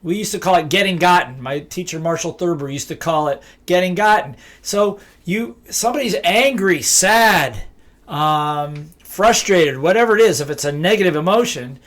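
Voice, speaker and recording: A middle-aged man teaches in a high-pitched voice. He is emphatic and keeps repeating his key phrases. He acts out both sides of short dialogues to make his points. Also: animated, normal speed, fairly bright tone. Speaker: business speaker and trainer. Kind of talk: motivational teaching talk.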